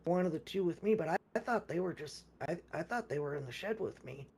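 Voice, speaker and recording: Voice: medium pitch, lively intonation, fast, a little mellow, husky. Rambling gamer retelling a session. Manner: rambling, with many restarts and repeated words; acts out others' lines in quoted speech. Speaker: gamer recounting a game session. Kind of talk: casual storytelling.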